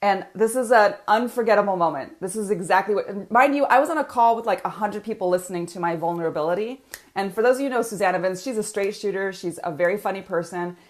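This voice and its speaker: A woman coach leading a live online training. She talks in an animated way, laughs often and uses frequent filler words. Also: medium pitch, fast talker. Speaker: business coach teaching a training.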